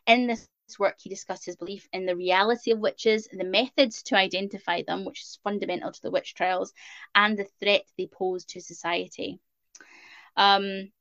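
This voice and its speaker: A woman's voice: mid-range voice, vocal fry, fairly bright tone, no echo, muffled recording. A woman with a Scottish accent co-hosting a casual history podcast, chatty with lots of filler words. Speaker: podcast co-host.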